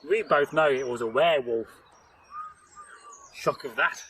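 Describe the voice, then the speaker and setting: A man's voice: medium pitch, measured pace, fairly bright tone, a little hiss or hum, low-quality recording. A man, telling a folktale outdoors in a rambling, chatty way, laughing and joking with a companion. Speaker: folktale storyteller and channel host. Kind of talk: casual spoken storytelling. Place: outdoors in nature.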